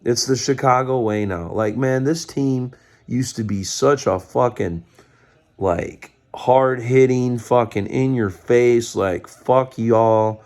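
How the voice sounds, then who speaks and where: A man's voice: mid-range voice, takes it slowly, a little mellow. A man giving a profane, fired-up rant as a sports fan, mocking others with put-on quotes. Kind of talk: ranting fan commentary.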